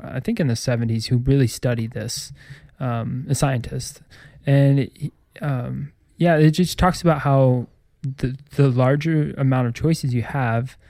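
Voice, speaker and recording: Mellow-voiced man hosting casual chat. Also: mid-range voice, no room sound, studio quality. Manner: playful, rambling, loose. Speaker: segment host.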